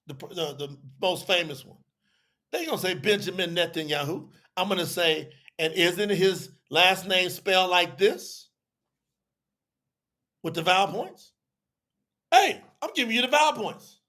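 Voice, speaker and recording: High, bright-voiced man teaching. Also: lively intonation. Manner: conversational, acts out both sides of an argument; repetitive, drawn-out explaining. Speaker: teacher on a religious telethon. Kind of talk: animated teaching to a live audience.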